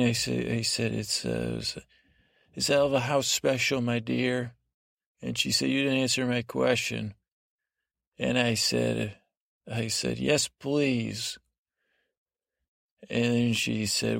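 Gravelly deadpan man telling a rambling story. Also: medium pitch, takes it slowly, long pauses, no echo, studio quality. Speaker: podcast host. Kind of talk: improvised bedtime story narration.

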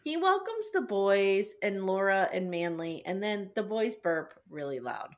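A woman's voice: mid-range voice, unhurried. A woman co-hosting a podcast, telling a recap in a casual, profane, laughing way. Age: adult with children. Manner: animated, laughing, profane storytelling. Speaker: podcast co-host recapping a show. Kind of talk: casual chat.

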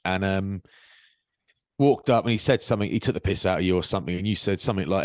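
A man's voice: sits low, fast talker, dry recording, studio quality. A man co-hosting a casual chat podcast, telling stories and acting out the voices of the people in them. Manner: animated storyteller, acts out quotes. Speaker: podcast co-host. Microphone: video call.

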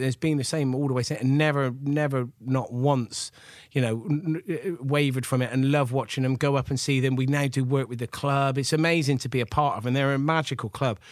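A man in his forties from England, an animated chef rambling through stories as a podcast guest, with lots of fillers and laughs. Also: mid-range voice, dry recording, studio quality. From Gloucester, England. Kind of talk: casual storytelling chat.

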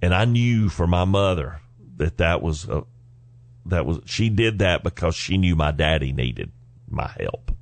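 A man in his forties with a fairly low voice tells family stories in a folksy, lively manner, chuckling now and then. He is recorded on a close microphone in a dry, dead space. The delivery feels like an easygoing podcast host talking straight to the listener. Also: unhurried, dry recording. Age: 40s. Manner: folksy, animated storyteller who chuckles between lines. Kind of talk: personal storytelling.

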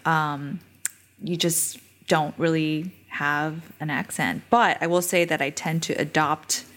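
A woman's voice: low-pitched, fairly even intonation, takes it slowly, a bit bright. A woman who grew up on Guam, a former TV reporter with a polished broadcaster delivery, chatting on a panel. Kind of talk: casual panel chat.

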